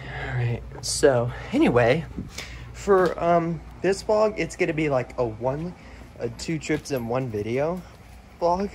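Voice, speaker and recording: A man's voice: fairly high pitch, expressive, slow, a little mellow, a little hiss or hum. Young man rambling in a casual vlog. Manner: rambling, friendly, lots of fillers. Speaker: vlogger. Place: outdoors at his grandparents' house. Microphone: action camera worn on body.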